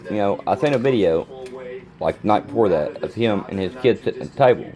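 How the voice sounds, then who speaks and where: A man's voice: on the low side, a little mellow. A middle-aged man, ranting angrily and repetitively to the camera. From Kentucky. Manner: agitated, repetitive, plain-spoken. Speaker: vlogger. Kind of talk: angry rambling rant to camera.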